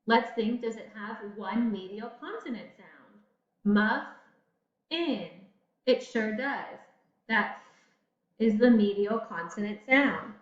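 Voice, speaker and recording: A woman teacher giving a patient phonics lesson to children, speaking slowly and pausing for answers. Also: fairly high pitch. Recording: echoey room, slightly dull sound.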